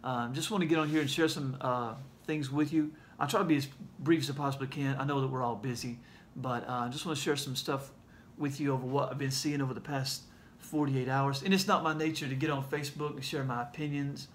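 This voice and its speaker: A man with a Southern accent sharing a heartfelt message in a casual video, speaking earnestly and haltingly, with many fillers. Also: mid-range voice, fairly even intonation, a little hiss or hum. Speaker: ministry leader sharing a message.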